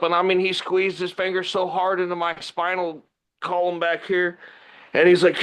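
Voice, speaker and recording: Male podcast guest, high voice, animated storyteller who acts out quotes. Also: moderate pace, smooth, low-quality recording. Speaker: guest wrestler.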